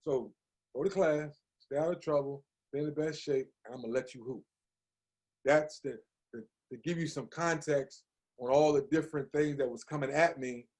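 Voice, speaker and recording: A man in his fifties from Maryland, a podcast guest telling stories in a lively, slangy way and acting out what others said. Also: fairly high pitch, moderate pace. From Hagerstown, Maryland, USA. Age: 50s. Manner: animated, slangy, acts out quoted voices. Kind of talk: conversational storytelling.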